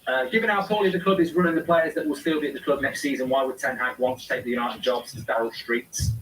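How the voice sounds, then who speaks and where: A man's voice: medium pitch, steady tone, fast talker, fairly bright tone, recorded from a distance, a little hiss or hum, low-quality recording. Man reading chat at a watchalong. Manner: reads viewer comments aloud and answers them. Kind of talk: casual live commentary.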